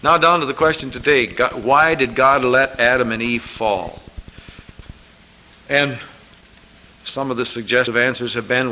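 A man preacher delivering a sermon, emphatic and repetitive, rising to loud scripture calls and dropping low for asides. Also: normal speed, slight background noise, rough recording. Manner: emphatic, repeating lines, rising to shouted scripture.

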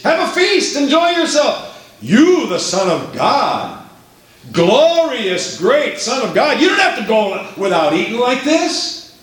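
A man's voice: extremely high pitch, fairly bright tone, voice pushed up, full character voice. A man voicing a sly, gloating male devil who taunts and wheedles in a sermon. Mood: wheedling. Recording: echoey room.

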